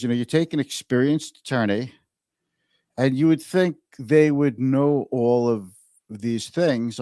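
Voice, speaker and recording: A man's voice: mid-range voice, darkish tone, no echo, clean studio sound. A man hosting an interview, chatting casually and restarting phrases as he thinks. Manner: conversational, repeats himself while thinking. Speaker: livestream host. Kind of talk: interview chat.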